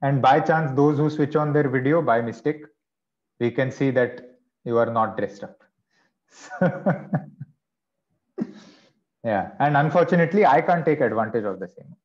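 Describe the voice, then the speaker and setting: A man's voice: medium pitch, a little slow, pauses often, darkish tone, dull audio. A man teaching vocabulary in an online class, explaining patiently with chatty asides. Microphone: video call.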